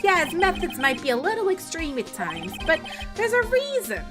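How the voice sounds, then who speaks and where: A woman voicing a gruff, loyal male police detective who calls everyone pal, reading game dialogue aloud. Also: extremely high pitch, wildly swooping pitch, moderate pace, music in the background, pitched above the performer's own voice, heavily acted. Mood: earnest. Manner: folksy, calls people pal.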